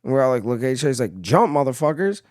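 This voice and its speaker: A young man, a former Marine, casually telling profane stories on a podcast in an animated way. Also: medium pitch, racing. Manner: profane storytelling, animated in anecdotes. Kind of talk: casual chat.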